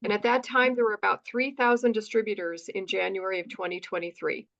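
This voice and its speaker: A gravelly, mid-range voice, a little fast and heard through a muffled recording, comes from an American woman guesting on an interview. She's animated, playing out dialogue as she goes and repeatedly asking "right?"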